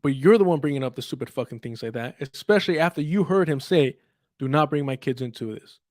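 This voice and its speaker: A man's voice: mid-range voice, expressive, fast, a little mellow, no echo, studio quality. A young man giving angry, profane political commentary, mocking others with sarcastic quotes.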